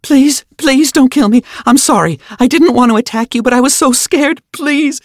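Shrill, desperate young woman pleading for mercy, put on by a man narrator, audiobook figure, high and strained. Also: normal speed, dry recording, studio quality. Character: terrified injured young woman begging for her life.

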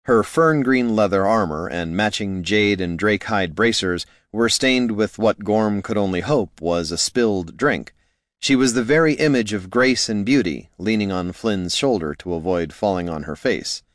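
A man narrating a fantasy audiobook in a wry, expressive storytelling manner. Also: fairly low pitch, moderate pace, no room sound, clean studio sound.

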